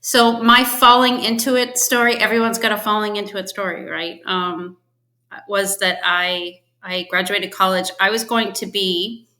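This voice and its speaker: Woman podcast guest, lively storyteller, bright tone, slightly roomy sound. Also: mid-range voice. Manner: chatty storyteller, acts out quotes with laughs. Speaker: podcast guest, finance executive. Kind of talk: casual interview chat.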